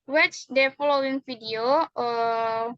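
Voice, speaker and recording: Slow careful Indonesian-accented young woman. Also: a little high, no room sound. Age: young adult. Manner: careful, hesitant, reading formulas with frequent fillers. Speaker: university student acting as physics teacher. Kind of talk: classroom physics explanation. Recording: dry, dull lo-fi sound.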